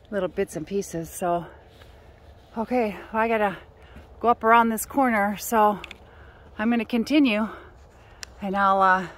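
Climbing a hillside trail, this vlogger chats breathlessly into her phone's camera, her talk meandering. Every so often she shouts high-pitched calls to her dog.

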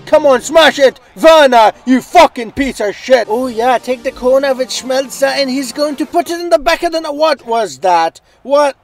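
Excitable gaming host, high-pitched man, faint music underneath. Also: normal speed, creaky, hardly any pauses, poor audio. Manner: excitable, swears a lot, shouts at plays. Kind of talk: video game commentary.

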